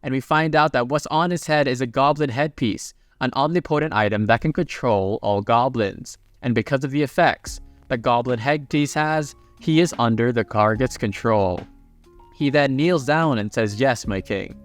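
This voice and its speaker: A man's voice: medium pitch, normal speed, no echo, faint music behind. A man narrating a story recap in a casual, chatty way with playful asides.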